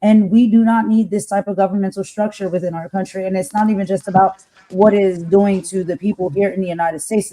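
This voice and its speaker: A woman's voice: medium pitch, warm tone, rough recording. A woman co-hosting a political talk show, speaking in a conversational, slangy and emphatic way. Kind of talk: casual political commentary.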